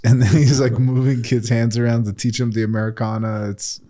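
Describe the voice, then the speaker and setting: A man in his thirties talks on a casual podcast in a lowish voice. He is open and reflective, and he pokes fun at himself as he goes. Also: fairly even intonation, fairly quick, warm tone. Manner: candid, reflective, self-mocking humor. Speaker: podcast co-host and coach.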